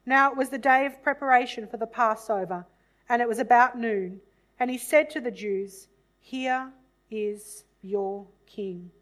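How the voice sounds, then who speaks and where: A woman reading a Bible passage aloud in a measured, solemn way, then reflecting on it. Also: on the high side, fairly bright tone, rough recording.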